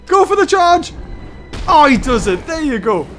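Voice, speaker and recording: Man, game commentary, enthusiastic, high voice, faint music behind. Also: sing-song, normal speed, a bit bright. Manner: enthusiastic, play-by-play like a sportscaster. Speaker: gaming YouTuber. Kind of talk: excited mobile game commentary.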